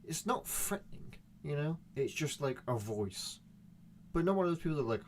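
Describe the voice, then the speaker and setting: A man's voice: a little high, moderate pace, noisy background. A young man rambling through a profane, meandering solo monologue recorded at home. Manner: profane, meandering, animated rants.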